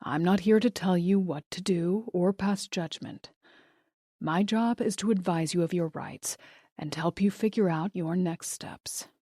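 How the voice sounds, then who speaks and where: Woman reader playing a soft-spoken male lawyer, slow and low, calm and courteous. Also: no echo, studio quality. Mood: reassuring. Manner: slow, gentle and reassuring.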